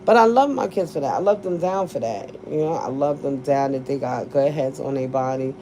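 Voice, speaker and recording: A woman's voice: very deep voice, fairly quick, warm tone, slight background noise. Blunt, profane woman in her forties. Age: 40s. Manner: blunt, profane, laughs often. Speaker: vlogger. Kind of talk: casual storytelling to viewers.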